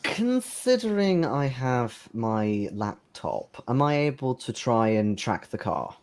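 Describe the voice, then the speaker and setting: A man's voice: mid-range voice, very animated, slow. A man with a middle-range voice, playing a tabletop game with friends. He makes crude, dry jokes in a loose, conversational way. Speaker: player. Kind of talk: casual tabletop game chat.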